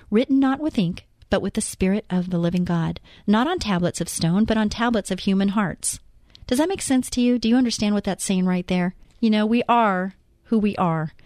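A woman's voice: mid-range voice, a little mellow, no room sound. Woman doing a casual bible reading, earnest and chatty, dry close sound. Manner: earnest, conversational, asks listeners questions. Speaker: Bible teacher. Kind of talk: devotional Bible reading and teaching.

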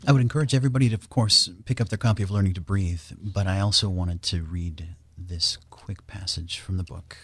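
A man's voice: low-pitched, fairly quick, hardly any pauses, a bit bright, breathy edge, dry recording. A man speaking as a radio guest, enthusiastic and promotional, reading scripture aloud. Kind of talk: radio interview talk.

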